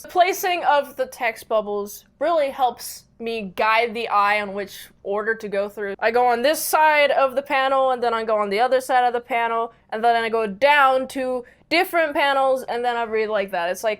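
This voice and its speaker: High-voiced gushing woman reviewing comics. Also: fairly bright tone. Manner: gushing, rambling, lots of fillers and restarts. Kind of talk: casual enthusiastic review.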